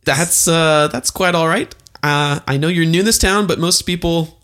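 A man playing a pushy small-town butcher in a tabletop role-play, quick and businesslike. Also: a little high, fairly even intonation, fairly bright tone, a little hiss or hum, natural voice.

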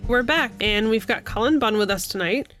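A woman's voice: fairly high pitch, animated, moderate pace, fairly bright tone. A woman hosting a podcast, chatting in a casual, upbeat way. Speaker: podcast host. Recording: dry close mic with faint music.

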